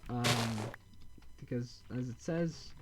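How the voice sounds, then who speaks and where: Guy narrating his game, rambly, keeps correcting himself, deadpan jokes. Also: medium pitch, slow pace, very noisy. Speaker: gameplay video host. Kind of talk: casual gameplay commentary.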